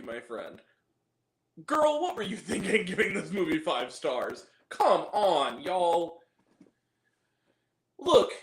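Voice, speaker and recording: Exasperated, high, lively male movie reviewer. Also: roomy sound. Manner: exasperated, blunt, profane.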